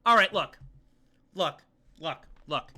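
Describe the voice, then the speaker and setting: A male streamer giving live commentary on a game playthrough, reacting loudly and emotionally and swearing often. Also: a little high, animated, takes it slowly.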